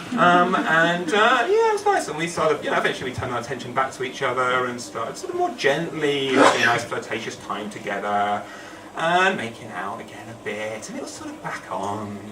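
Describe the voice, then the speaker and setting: A man telling a true story on stage at a storytelling night, rambling and self-deprecating with humour. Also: medium pitch. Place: event hall. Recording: echoey hall, distant mic, noisy.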